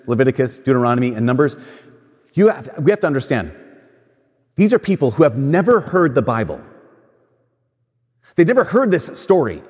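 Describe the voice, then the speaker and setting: A man with a medium-pitched, slightly mellow voice gives a casual, conversational sermon under long church reverb. He tells stories and acts out the voices of the people he quotes.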